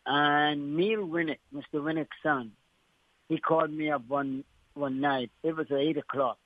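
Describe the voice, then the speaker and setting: Man, guest, phone-line sound, dry, halting emotional storytelling. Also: a little high, steady tone, no echo. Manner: halting, with repeated restarts. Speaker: guest, former horse exercise rider. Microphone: telephone.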